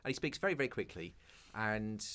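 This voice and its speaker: Low-voiced guy from london in his 50s, chatty and self-mocking, telling stories. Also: big pitch swings, fairly quick, a bit bright, clean tone. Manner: humorous anecdotal storyteller, self-deprecating. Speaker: guest, broadcaster and keynote speaker. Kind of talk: casual interview chat.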